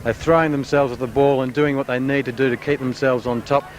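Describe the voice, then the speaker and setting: A man's voice: medium pitch, fast. Man commentating a local football match. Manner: chatty, builds excitement calling play. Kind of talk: amateur sports commentary.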